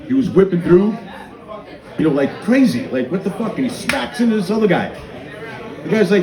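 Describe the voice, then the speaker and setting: A man's voice: high-pitched, sing-song, brisk, long pauses. A man doing a crude stand-up set at an open mic night in a small bar, telling stories and acting out dialogue. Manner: crude, profane storytelling with acted-out dialogue. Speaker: stand-up comedian. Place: small bar with a live audience. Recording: echoey room, audience noise. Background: crowd reacting.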